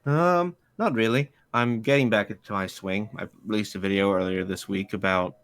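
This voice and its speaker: Foul-mouthed Midwestern man, low. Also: moderate pace, a bit bright, smooth, dry recording. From United States. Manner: profane, joking. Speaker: co-host. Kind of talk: casual livestream chat.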